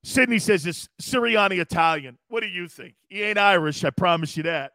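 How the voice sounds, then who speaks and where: Brash jokey sports-talk host, high voice. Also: male voice, brisk, bright, forceful tone, no echo. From East Coast US. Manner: brash, jokey, reads chat comments aloud and laughs often. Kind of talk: casual sports radio talk.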